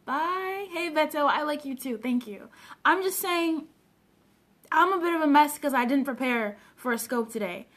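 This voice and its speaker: High-voiced earnest coach woman, emotional. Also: lively intonation, moderate pace, a bit bright. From Africa. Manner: earnest, emotional, talks straight to viewers. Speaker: personal development coach. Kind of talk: live-stream chat reading viewer comments. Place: home, unprepared for the stream.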